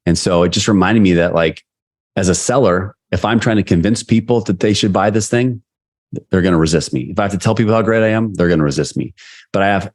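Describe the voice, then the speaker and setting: A middle-aged man, a sales leader and coach, telling a personal story as a guest in a podcast interview and acting out the voices of the people in it. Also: deep voice. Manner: animated storyteller who acts out quoted voices.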